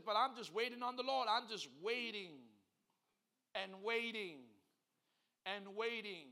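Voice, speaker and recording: A middle-aged man preaching a sermon as pastor, calling on the congregation and swinging from quiet talk to loud shouting. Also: very high-pitched. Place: church.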